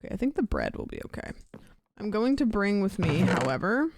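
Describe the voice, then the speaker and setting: A young woman streaming a game, reading chat questions in a croaky, sleepy-sounding, tired voice, rambling and sarcastic with plenty of swearing. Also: mid-range voice, big pitch swings, brisk, darkish tone, dry recording. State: tired voice, talking quietly.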